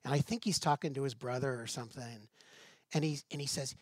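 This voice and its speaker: A man's voice: mid-range voice, fairly quick, dry recording, clean studio sound. A male pastor preaching a sermon in a conversational way, posing rhetorical questions and dropping light asides.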